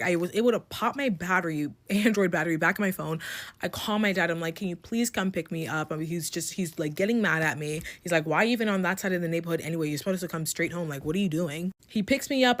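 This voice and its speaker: A woman's voice: mid-range voice, a bit bright. A young adult woman telling a casual storytime, rambling, swearing freely and filling her speech with "like".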